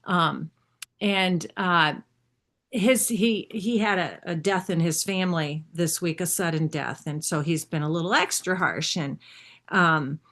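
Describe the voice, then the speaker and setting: A woman's voice: fairly low pitch, a little slow, fairly bright tone. Older woman, casual sharing, rambling and self-interrupting with frequent laughter. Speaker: spiritual group member sharing.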